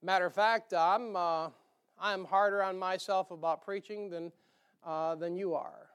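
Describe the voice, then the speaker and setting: A man's voice: high-pitched, steady tone, a little slow, a bit bright, clean tone. A man with a northern US accent preaching a sermon in a church, in a folksy, rambling way with jokey asides and a nasal twang. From northern United States.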